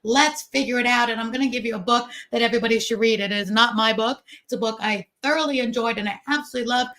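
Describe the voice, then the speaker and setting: A woman giving a chatty, animated motivational talk over a video call, acting out the voices of people she quotes. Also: fairly high pitch, very fast. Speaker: guest speaker at a business event.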